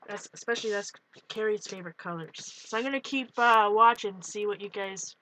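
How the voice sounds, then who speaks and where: A woman's voice: medium pitch, normal speed, sharp tone, poor audio. A woman hosting an art livestream, chatting casually with viewers while she paints and often giggling. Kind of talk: casual live-stream chat while painting.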